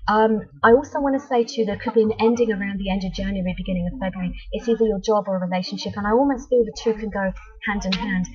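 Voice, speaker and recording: A woman psychic talks her way through tarot readings on a live web chat, picking up viewers' messages and answering them. Her voice sits fairly high, and the audio is muffled and lo-fi like an old web stream. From United Kingdom. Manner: chatty, reads viewer messages aloud, frequent ums.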